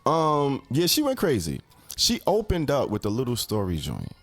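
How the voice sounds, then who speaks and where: A man co-hosting a casual music review podcast, excitable and slangy, humming beats aloud. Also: mid-range voice, normal speed. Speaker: podcast co-host.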